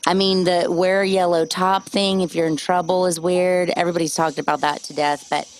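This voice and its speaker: A woman hosting a podcast, chatting casually, animated and swearing freely. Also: on the low side, moderate pace, a little hiss or hum, rough recording. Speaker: podcast host.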